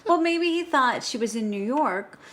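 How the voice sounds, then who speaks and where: A woman's voice: high voice, lively intonation, moderate pace, a bit bright. A woman hosting a movie podcast, talking in a casual, playful, teasing way. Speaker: podcast host. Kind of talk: casual movie-review chat.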